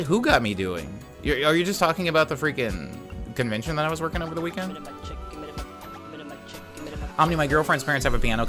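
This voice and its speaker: A man runs a relaxed home livestream, reading viewer messages aloud and riffing on them. His talk meanders, full of fillers and easy laughter, with faint music playing behind him. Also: medium pitch. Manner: laid-back, rambling, laughs easily, many fillers. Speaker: streamer.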